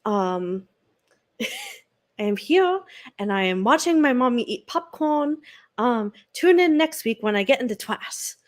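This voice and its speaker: A woman voicing her small pet dog in a high, slow, sing-song baby-talk voice. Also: big pitch swings.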